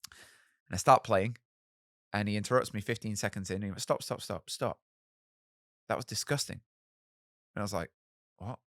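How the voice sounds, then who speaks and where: A man in his thirties, a musician guest telling animated stories in an interview and acting out the voices of people he quotes. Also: lowish voice, brisk, long pauses, dry recording, studio quality. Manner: animated, acts out quoted voices, swears casually. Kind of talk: storytelling in a podcast interview.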